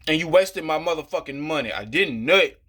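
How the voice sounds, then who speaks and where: A man talking to camera in a casual, profane rant, frustrated and rambling, filling every pause with "you know" and restarting his sentences. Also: on the high side, animated, sharp tone. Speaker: vlogger. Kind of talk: casual ranting monologue.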